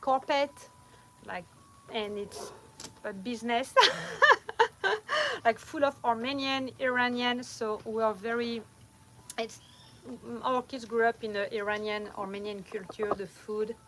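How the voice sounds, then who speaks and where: At night, from a van or her home, a middle-aged vlogger from France chats with livestream viewers in a strong French accent, laughing often. She sounds a little high and fairly bright, unhurried, with long pauses. No mic is used, only a phone or camera, so the audio is poor with a little hiss or hum.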